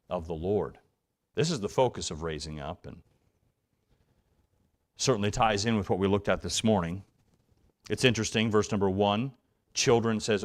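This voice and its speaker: A man with a low-pitched voice preaches a sermon in a church sanctuary. He talks earnestly and sometimes sinks to a soft, hushed near-whisper. Then he surges into quick, rising bursts of feeling. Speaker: evangelist preacher.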